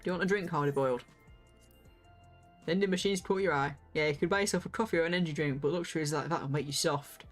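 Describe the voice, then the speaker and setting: A woman playing a weathered hard-boiled detective in a game, a grave low voice with a Northern English lilt. He talks slow and clipped, all world-weary grit, while soft music plays quietly behind. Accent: Northern English, borderline Yorkshire.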